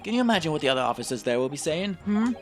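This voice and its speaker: A man putting on a gruff, blustering British inspector. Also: fairly high pitch, big pitch swings, rapid-fire, faint music behind, pitched above the performer's own voice. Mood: irritated. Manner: blustering, loud, huffy. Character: proud gruff British police inspector, middle-aged man.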